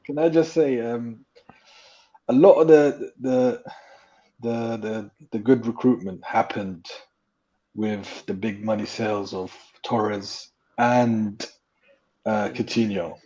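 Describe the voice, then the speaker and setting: A man's voice: fairly low pitch, fairly even intonation, takes it slowly, mellow, muffled recording. A man in a casual fan panel chat, hesitant with many restarts as he makes his point.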